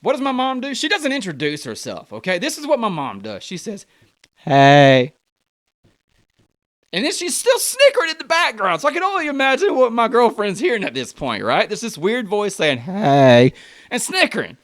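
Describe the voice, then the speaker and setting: A man's voice: brisk, hardly any pauses, no room sound, studio quality. A young man doing stand-up comedy, telling a story and acting out the voices of the people in it. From United States. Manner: animated, acts out voices with big pitch jumps.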